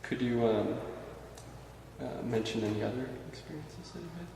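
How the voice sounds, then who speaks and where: A man asks his questions slowly and haltingly, stopping for fillers. He sits well away from the mic, so his voice comes through a long, ringing room echo with faint hiss behind it. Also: mid-range voice, lively intonation, gravelly, dark tone, distant mic. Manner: hesitant questions with many fillers. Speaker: interviewer. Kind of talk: oral history interview.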